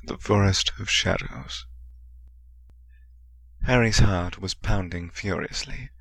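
A man narrating a fantasy audiobook in a steady storytelling manner. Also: sits low, slow pace, vocal fry. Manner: steady storytelling with soft character voices. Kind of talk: scripted narration.

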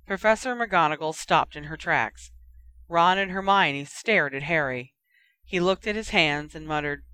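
A narrator reads a story in a steady, even way. The voice is bright and smooth, and the recording is close and dry with no room sound. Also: mid-range voice, measured pace, dry recording. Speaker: audiobook narrator. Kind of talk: reading fan fiction aloud.

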